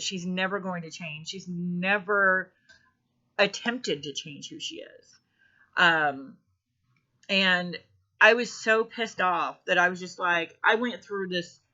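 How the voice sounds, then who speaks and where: Bright-voiced woman telling a personal story. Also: fairly low pitch. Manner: halting, many ums and restarts. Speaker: spiritual vlogger. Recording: dull lo-fi recording.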